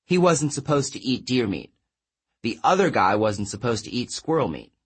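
A man voicing an earnest, gentle teenage girl, using a softer, raised voice. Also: medium pitch, big pitch swings, normal speed, slightly rough. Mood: storytelling.

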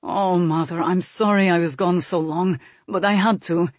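A woman's voice: lowish voice, fairly even intonation, normal speed, no room sound, natural voice. A woman voicing a guarded young nobleman who speaks earnestly, in an audiobook reading.

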